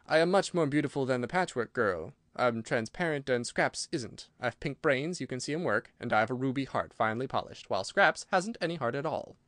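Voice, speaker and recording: A man's voice: medium pitch, lively intonation, fairly quick, hardly any pauses, a bit bright, no room sound, clean studio sound, natural voice. A man voicing a proud, vain glass cat that boasts about itself in a storybook. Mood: boastful.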